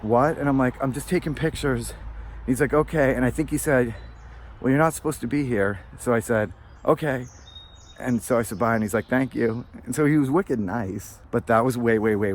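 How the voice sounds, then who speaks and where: A man narrating his own exploration outdoors, talking casually into a handheld camera at a middling pitch. He rambles from one thing to the next and sounds nervous about being caught. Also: slight background noise. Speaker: urban explorer vlogger. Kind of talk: casual walk-through narration. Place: outdoors on abandoned resort grounds.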